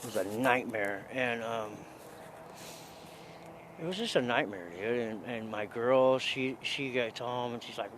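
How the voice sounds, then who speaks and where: A man's voice: mid-range voice, normal speed. A man recounts his own story in a loose, rambling way, stumbling over restarts and leaning on "dude". His voice sits mid-range. Faint traffic hums behind him on a city street. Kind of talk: casual spoken storytelling.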